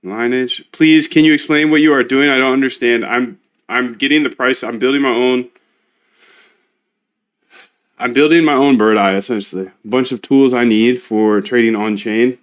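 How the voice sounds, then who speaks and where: A man's voice: medium pitch, fairly even intonation, moderate pace, clear, resonant tone. A man casually talking through live coding, chatty and slangy, coaching his coding assistant as he goes. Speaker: trading bot developer and streamer.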